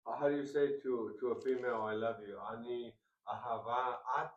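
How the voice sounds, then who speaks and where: A man's voice: mid-range voice, steady tone, fairly quick. A man in a class, asking the teacher short questions. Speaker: student. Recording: distant, dull and roomy.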